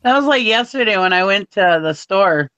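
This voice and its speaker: A woman chats casually and rambles through anecdotes, filling her talk with little asides. Her voice sits at a middle pitch, and it comes through a dull, lo-fi recording that is close and dry. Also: animated, moderate pace, fairly bright tone, smooth, no room sound. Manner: rambling anecdotes full of fillers like "like". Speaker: show co-host. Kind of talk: casual chat. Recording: dull, lo-fi sound.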